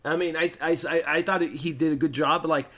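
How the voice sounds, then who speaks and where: Man, fairly high voice, podcast host, casual chat, animated, stumbling. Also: quick pace. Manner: animated, laughing, stumbling restarts.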